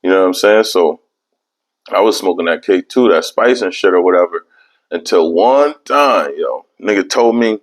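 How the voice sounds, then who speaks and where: A man's voice: sits low, expressive, moderate pace. A young man hosting a podcast, telling a long story in casual, profane, rambling chat. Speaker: podcast host.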